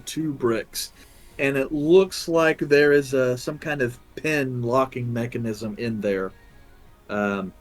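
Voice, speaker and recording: A man runs a tabletop game, describing rooms and traps at an unhurried pace. He often pauses on fillers. Faint music plays underneath. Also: mid-range voice. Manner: measured descriptions, frequent uh and um. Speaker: game master.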